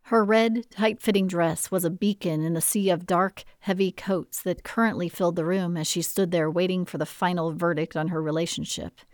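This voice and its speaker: A woman narrating a novel in an expressive, measured storytelling manner. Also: on the low side, no echo, studio quality. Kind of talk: audiobook narration.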